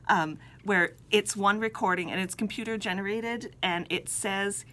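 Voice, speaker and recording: A woman's voice: mid-range voice, moderate pace, fairly bright tone. A woman co-hosting a casual knitting podcast, chatting in a rambling, easygoing way. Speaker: podcast co-host. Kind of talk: casual chat.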